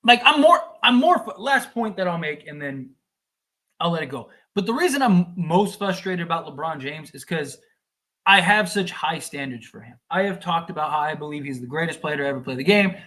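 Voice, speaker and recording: Fuming high-voiced man ranting. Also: lively intonation, normal speed. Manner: fuming, exasperated, shouting at times. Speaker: sports podcast host. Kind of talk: livestream rant and game recap.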